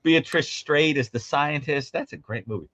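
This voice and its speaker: At a normal speed on lo-fi audio without echo, this co-host of a call-in show talks horror films casually. His stories are animated and packed with quotes he performs in high, mimicking voices.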